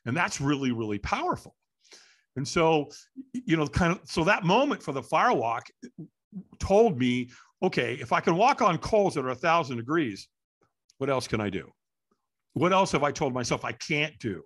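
A middle-aged man, a guest in an interview, telling a story with energy and acting out the voices and shouts of the people in it. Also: on the high side, normal speed. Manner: lively, acts out quoted voices and shouts. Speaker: interview guest, firewalk instructor.

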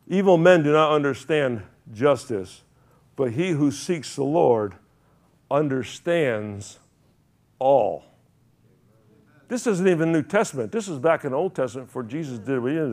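A man's voice: mid-range voice, very animated, moderate pace, pauses often, darkish tone. A man preaching a sermon, rambling and correcting himself, then building to fervent emphasis.

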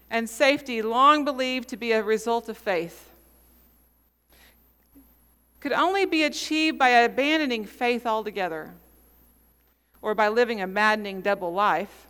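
A woman's voice: a little high, a bit bright, smooth. Woman preaching in a reverberant hall. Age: 40s. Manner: storytelling, measured with dramatic pauses. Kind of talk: sermon.

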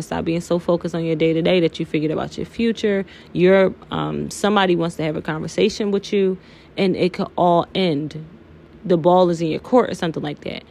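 A young woman hosts her own podcast, delivering a candid, emotional personal monologue full of swearing and "y'all." Her slightly low voice is a little mellow, with a gravelly fry. Faint noise hums in the background.

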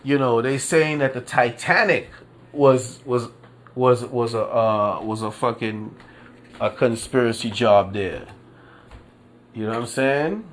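Slow-talking profane man ranting on a podcast. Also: medium pitch, fairly bright tone, slight background noise. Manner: profane, rambling, repeats phrases, many fillers; drawn-out disbelieving emphasis. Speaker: podcast host. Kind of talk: casual solo podcast rant.

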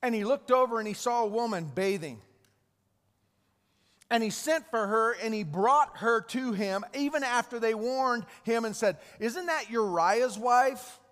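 A man's voice: very high-pitched, moderate pace, fairly bright tone. A man preaching a sermon, retelling Bible stories with restarts and repeated words. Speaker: pastor. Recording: long hall reverb.

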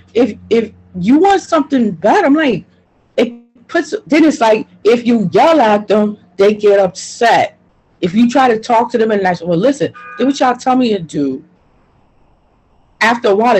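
A woman's voice: mid-range voice, darkish tone, slightly rough, poor audio. A woman being interviewed, talking in an emphatic, frustrated way and repeating her points. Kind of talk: personal testimony interview.

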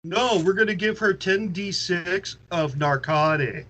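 A man's voice: sits high, unhurried, heavy background noise. A man playing a tabletop game who teases the other players. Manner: teasing. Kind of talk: tabletop role-play chat.

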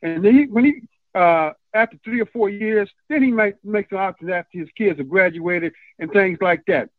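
A man's voice: sits high, normal speed, no echo. A male coach calling into a radio show, earnest and emphatic with hesitant fillers. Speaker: caller, coach. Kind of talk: call-in radio talk. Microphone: phone. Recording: tinny phone line.

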